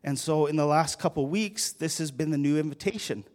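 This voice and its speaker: Middle-aged guy pastor giving a sermon, earnest storytelling, slightly high voice. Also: a little fast, a little mellow. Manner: earnest storytelling, conversational with rises in intensity.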